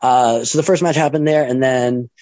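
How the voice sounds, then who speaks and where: A man's voice: medium pitch, fairly even intonation, normal speed, a little mellow, no echo. A middle-aged man, a wrestling promoter and trainer, telling a long casual story in a rambling way and acting out the voices of the people in it. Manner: rambling, acts out quoted voices.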